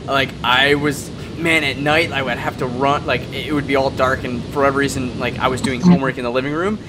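A man's voice: medium pitch, fairly quick, background noise. A man co-hosting a podcast, telling a childhood story with many fillers over a call. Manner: animated, rambling with many fillers. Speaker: podcast co-host. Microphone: call headset or desk mic.

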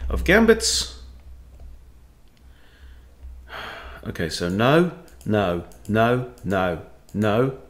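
A man's voice: fairly low pitch, sing-song, drawn-out words, long pauses. A man who coaches chess, thinking aloud as he plays and talking to himself with wry asides. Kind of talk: thinking-aloud game commentary.

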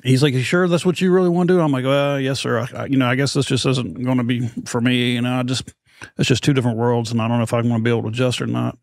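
A man's voice: mid-range voice, flat delivery, quick pace, creaky, dry recording, studio quality. A middle-aged American man, a podcast host being interviewed, telling a rambling, self-deprecating story and acting out the voices of others. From United States.

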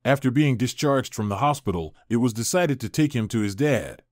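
Male narrator, middle pitch, even scripted read, dry booth sound. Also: a little fast, dry recording.

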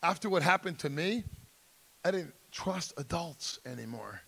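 This middle-aged man's fairly high voice is expressive and unhurried, yet gravelly, husky, and sharp in tone. Telling his life story at a school drug seminar, he speaks with intensity and emphasis, impersonating the people involved.

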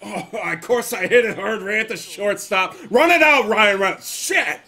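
A young man commentating his own video game play, excitable and cursing, swinging from loud outbursts to low muttering. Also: moderate pace, creaky, breathy edge. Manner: excitable, swears often, swings from yelling to muttering. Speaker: gaming YouTuber. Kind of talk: live gameplay commentary.

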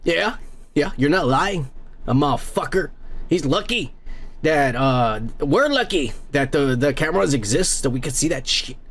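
A man's voice: a little high, animated, moderate pace, a bit bright. A man hosting a comedy podcast, reading out viewer comments in a crude, rambling way full of profanity and mocking asides.

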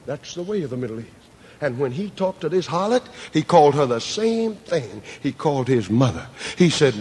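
Husky high-voiced preacher man, swoops all over, soft then shouting, echoey hall tape. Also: big pitch swings, moderate pace. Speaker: pastor. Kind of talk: evangelistic sermon. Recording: echoey hall cassette recording.

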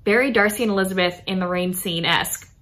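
Young woman gushing about books, bright voice, lots of ums. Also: mid-range voice, quick pace. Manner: chatty, enthusiastic, filler-heavy. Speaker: book vlogger. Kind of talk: casual book talk.

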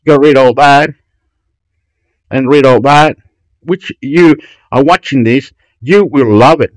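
A man's voice: mid-range voice, measured pace, pauses often, no echo, rough recording. A man from Chile, a channel host who rambles through websites in a profane, rambling commentary full of restarts and swearing. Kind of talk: ranting commentary while browsing websites.

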